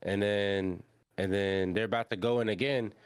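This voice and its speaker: A young man hosting an anime podcast, recapping an episode in animated, slangy storytelling full of fillers and restarts. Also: fairly low pitch, normal speed, clean tone, no room sound, studio quality.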